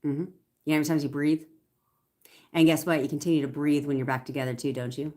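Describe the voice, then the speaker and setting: A woman's voice: sits low, level tone, quick pace, long pauses, dark tone. Chatty young woman hosting a livestream. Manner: chatty, upbeat, repeats affirmations. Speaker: manifestation coach. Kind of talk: casual livestream Q&A.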